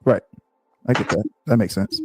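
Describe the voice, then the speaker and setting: A man interviewing a guest in a calm, measured, agreeable way. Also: fairly low pitch, slightly rough.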